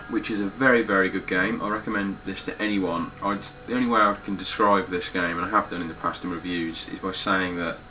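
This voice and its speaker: Swearing freely and speaking bluntly, a young man gives a casual tour of his game collection. His sharp-toned voice is on the low side, and the rough recording carries a little hiss or hum.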